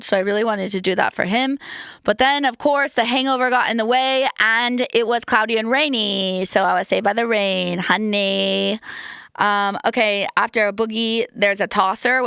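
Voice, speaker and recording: A young woman riffs through a loose, self-mocking comic monologue, her voice a bit worn from going hoarse. There's a gravelly fry under her words, yet the tone stays smooth and resonant. The recording is close and dry, with no room around it. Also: mid-range voice, a bit bright, no echo. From United States. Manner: rambling, self-deprecating, playful asides. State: slightly losing her voice. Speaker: podcast host. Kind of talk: casual comedic monologue.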